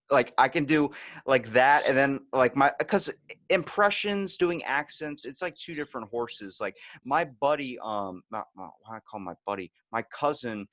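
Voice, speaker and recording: A man's voice: mid-range voice, animated, normal speed, a bit bright, no echo. A man hosting a podcast, talking in loose, run-on sentences. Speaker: podcast host. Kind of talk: casual interview chat.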